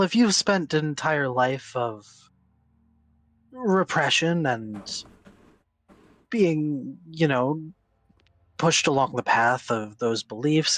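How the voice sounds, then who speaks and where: A man's voice: mid-range voice, fairly bright tone, no echo. A man running a tabletop role-playing game, narrating and answering in character with a dry, wry delivery. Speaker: game master.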